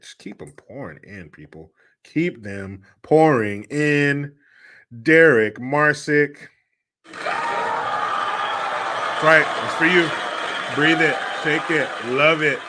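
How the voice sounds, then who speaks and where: Animated, bright-voiced male livestream host. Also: mid-range voice, a little hiss or hum. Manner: animated storytelling, laughs often, crude and joking. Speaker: father telling family stories. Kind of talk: casual livestream talk.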